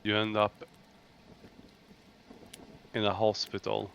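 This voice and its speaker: A man with a fairly low voice runs a tabletop game as dungeon master. He narrates scenes and hands out rulings in a calm, matter-of-fact way. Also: slow pace, creaky, smooth, muffled recording.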